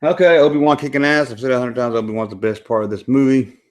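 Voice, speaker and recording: A man's voice: medium pitch, fairly even intonation, fast talker. A man with a Southern American accent hosting a live stream, chatting and rambling as he reacts to a movie. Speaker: host. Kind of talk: casual live-stream commentary.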